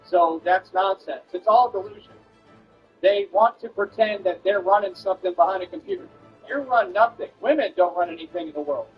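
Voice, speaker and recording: A man's voice: high-pitched, animated, fairly quick, highs cut off, soft background music. A man streaming while he delivers a confrontational, boastful rant at an online critic.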